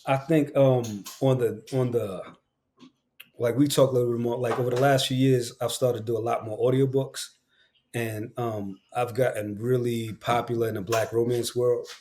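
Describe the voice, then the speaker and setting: Animated man. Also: medium pitch, moderate pace, a little hiss or hum. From Queens, New York. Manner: animated, slangy, repeats phrases for emphasis. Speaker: guest, actor and audiobook narrator. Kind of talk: casual podcast conversation.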